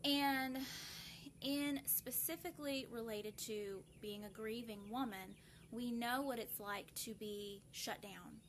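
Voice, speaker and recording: A woman's voice: a little high, slow pace, fairly bright tone, slight background noise. A woman, hosting a casual live video and talking earnestly to viewers, with many fillers and restarts. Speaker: host of a grief support live video.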